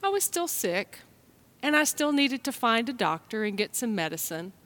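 A woman from the United States, a pastor telling a children's story and preaching a sermon in a gentle storytelling manner. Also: on the high side, big pitch swings, normal speed. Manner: gentle, storytelling, speaks straight to listeners.

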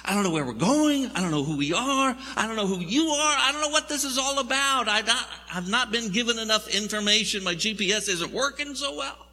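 Guy doing a whiny stressed-out prophet, high husky voice, lots of echo. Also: lively intonation, pushed and bright, heavily acted. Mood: anxious. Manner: whiny, exasperated rapid complaints. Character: anxious complaining male prophet, flustered.

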